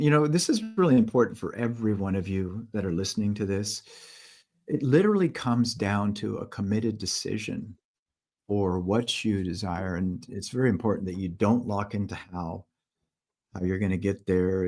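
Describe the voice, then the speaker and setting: Casting: low-pitched male interview guest, earnest storyteller, repeats himself as he goes. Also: darkish tone. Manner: earnest, repeats words, acts out quotes.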